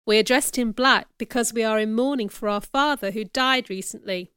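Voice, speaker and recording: A gentle, earnest young clergyman, voiced by a woman reader with little attempt to sound male. Her voice stays fairly high, very smooth and resonant, and recorded dry and close. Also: normal speed, no echo, lightly acted. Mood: calm. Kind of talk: audiobook character reading.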